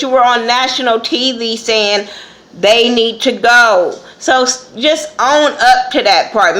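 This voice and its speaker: A woman with a slightly high, somewhat bright voice reviews a TV episode in a casual vlog. She's blunt and swears a lot, acting out the quotes as she goes.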